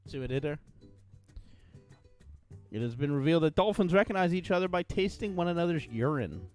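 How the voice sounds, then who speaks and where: Playful male podcast host, animated and highish, faint music under. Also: fast talker, pauses often. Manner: jokey, playful, reads news aloud. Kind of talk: casual podcast chat.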